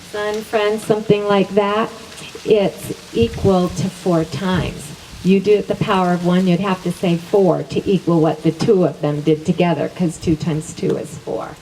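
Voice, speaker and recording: A middle-aged woman with a medium-pitched, somewhat dark voice leads a class in spoken affirmations as a wellness teacher. She says each phrase twice, sounding upbeat and laughing often. She is heard from a distance over faint background noise.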